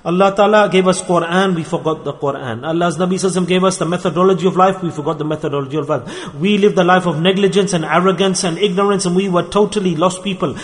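A man preaching an impassioned, repetitive sermon, his voice swinging between soft and loud. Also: high voice, racing, few pauses. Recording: long reverb of a hall.

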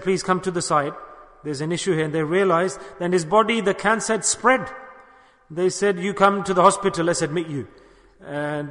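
A man's voice: a little high, fairly bright tone. A man preaching a sermon, telling a story and urging his listeners, with Urdu and Arabic religious words woven in. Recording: long hall reverb.

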